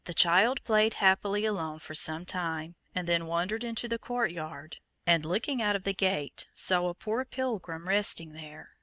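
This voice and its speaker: A woman narrating a children's storybook legend in a gentle, even storytelling manner. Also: fairly low pitch, moderate pace, hardly any pauses, dry recording.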